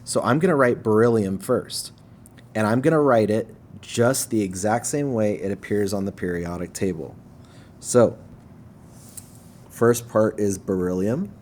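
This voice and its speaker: A man with a somewhat low voice walks through a recorded lesson at an easy pace. He checks in with listeners again and again and slows down to stress syllables when it matters. A faint hiss of room ambience sits under the voice. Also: a little mellow. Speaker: teacher.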